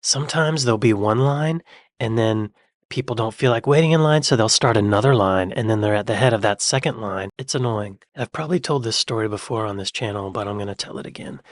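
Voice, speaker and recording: An American man hosting a reaction channel, chatting and joking with quick laughs. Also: fairly low pitch, no room sound, clean studio sound. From United States. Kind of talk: casual reaction commentary.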